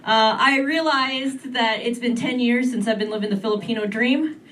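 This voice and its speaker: Animated woman doing stand-up. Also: fairly high pitch, moderate pace. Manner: animated, switches between voices. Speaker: stand-up comedian. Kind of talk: stand-up comedy set. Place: comedy club stage. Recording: distant mic, club crowd laughing.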